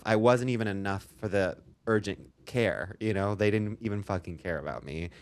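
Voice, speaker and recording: Deep-voiced man telling a rambling story. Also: moderate pace, few pauses. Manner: rambling storyteller, self-mocking, many ums. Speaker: podcast co-host. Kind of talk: comedic podcast chat.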